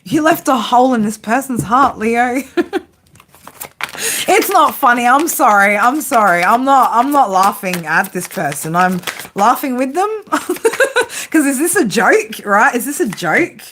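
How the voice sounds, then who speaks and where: Casual woman tarot reader, a touch high, profane and blunt, laughs a lot. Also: expressive, unhurried, fairly bright tone, slight background noise.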